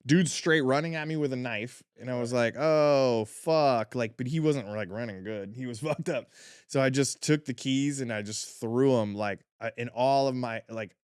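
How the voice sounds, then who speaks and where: Man, tattoo artist, rambling swear-heavy storyteller, mid pitch, dry close sound. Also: normal speed, clear, resonant tone, dry recording. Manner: animated, profane, lots of fillers. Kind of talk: casual storytelling.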